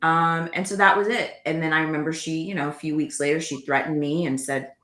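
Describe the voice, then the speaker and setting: A woman guest recounting her own life story in conversation, earnest and animated, often acting out what people said to her. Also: sits low, a little fast, echoey room. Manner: earnest, animated retelling with quoted dialogue.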